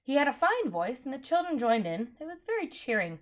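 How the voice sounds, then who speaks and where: A woman's voice: high-pitched, sing-song, brisk. A woman reading a children's novel aloud in a casual way, correcting her slips and adding apologetic asides. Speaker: reader.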